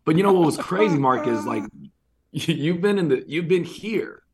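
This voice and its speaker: A man's voice: fairly high pitch, moderate pace, a crowd in the background. A man who runs an insurance agency, chatting as a guest and telling stories animatedly, acting out quoted lines. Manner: animated storyteller, acts out quotes. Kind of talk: casual interview conversation.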